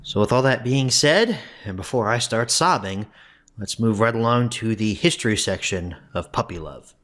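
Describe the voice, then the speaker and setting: Low-voiced man hosting a review vlog. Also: expressive, normal speed, fairly bright tone. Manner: mock-sobbing, exaggerated emotional outbursts at the start; conversational, with frequent restarts and asides. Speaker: host of a home media review show.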